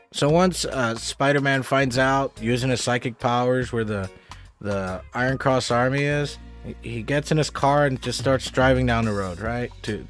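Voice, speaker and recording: A man casually recapping a TV episode, rambling and swearing, with lots of fillers and restarts. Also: mid-range voice. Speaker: show recap host.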